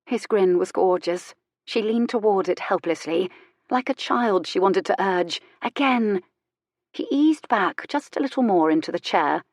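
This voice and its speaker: In a studio-quality recording with no room sound, a woman with a mid-range voice narrates a historical romance audiobook. Her scripted reading is measured and expressive.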